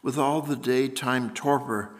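A man, an author, reading literary fiction aloud at a museum event in a measured, deliberate way. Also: medium pitch, fairly even intonation, slight background noise.

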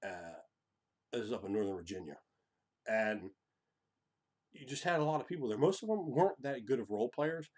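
A man hosting a tabletop role-playing channel, talking in a profane, animated monologue that swings from loud bursts to hushed whispers. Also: mid-range voice, moderate pace, pauses often. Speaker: tabletop RPG channel host. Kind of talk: excited casual monologue.

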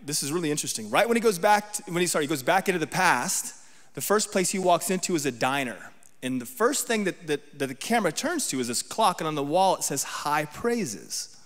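A man's voice: a little high, animated, a little fast, fairly bright tone, long reverb tail. A man giving a sermon as guest preacher, talking conversationally and often checking in with the congregation. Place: church sanctuary.

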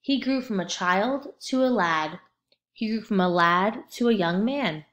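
A woman narrating a children's storybook aloud in a steady, expressive way. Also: mid-range voice, measured pace.

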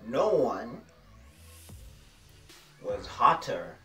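Man, TV review vlog, excitable, slangy, repeats phrases, roomy echo, distant mic. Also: mid-range voice, very slow, soft background music. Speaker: TV show reviewer.

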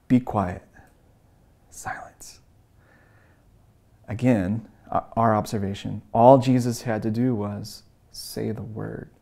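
A man with a gravelly mid-range voice teaches an evangelism course, earnestly retelling stories full of um and uh fillers. When he acts out quoted lines, his voice lifts.

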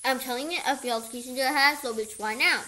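A woman telling a personal story in a casual storytime vlog, animated, swearing a lot and repeating herself. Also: high voice, quick pace, rough recording. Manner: profane, animated, repetitive retelling. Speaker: storyteller vlogger.

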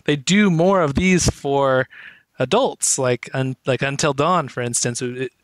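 A man co-hosting a gaming podcast in casual chat, an animated storyteller who laughs often. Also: medium pitch, unhurried, no echo. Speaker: podcast co-host.

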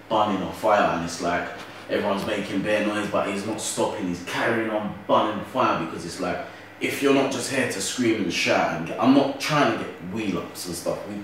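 A young London man chats animatedly as an interview guest, checking in with "you get what I'm saying?" between points. His lowish voice comes from some distance from the mic. The room gives it a strong echo. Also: normal speed, a bit bright, slight background noise. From Britain. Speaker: grime MC guest. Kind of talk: casual interview chat.

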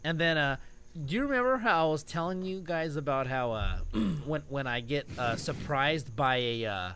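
A podcast co-host with a slightly high voice talks at a moderate pace, with slight background noise. He's an animated storyteller in casual banter who keeps laughing at his own stories.

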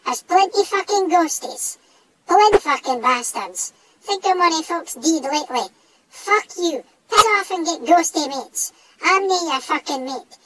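A man voicing a small, cocky, foul-mouthed male dog with a northeast Scottish accent, speaking in a high squeaky voice. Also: heavy background noise. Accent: Scottish (northeast, Doric). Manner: sweary, blustering tough talk.

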